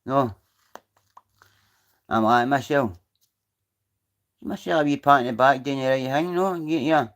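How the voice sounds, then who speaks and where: A Scottish man in casual livestream chat, his talk rambling and loose, full of swearing and asides to viewers. His voice sits at an ordinary middle pitch for a man, talking outdoors. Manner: rambling, chatty, swears freely. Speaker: livestream host.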